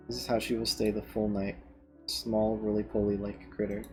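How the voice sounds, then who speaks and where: A man streaming, reading a visual novel's narration aloud in a steady manner. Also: on the low side, normal speed, soft background music.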